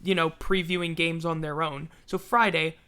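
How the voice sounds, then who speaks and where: A man's voice: a little high, fairly even intonation, normal speed, bright, forceful tone, smooth. A man hosting a casual sports livestream, rambling and self-mocking, yawning now and then as he talks. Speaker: podcast host.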